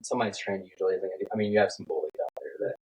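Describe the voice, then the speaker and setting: A man's voice: sits low, very fast, darkish tone, rough recording. A man in casual podcast chat, laid-back and chuckling as he reacts and asks questions.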